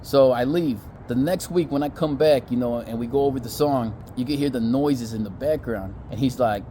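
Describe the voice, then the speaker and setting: Man, casual storyteller, profane and chatty, mellow dark voice, faint outdoor traffic. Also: mid-range voice, normal speed, hardly any pauses.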